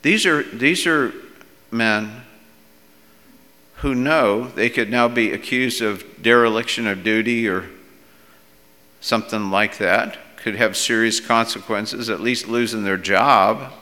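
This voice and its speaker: Slow-preaching man in a reverberant hall. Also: lowish voice. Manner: conversational preaching, rising to loud acted quotes. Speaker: pastor. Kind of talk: sermon.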